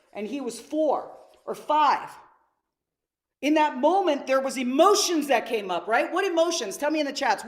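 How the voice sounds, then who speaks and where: A woman leading a live online workshop who teaches with energy and keeps putting questions to her audience. Her voice sits a little high. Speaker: workshop leader.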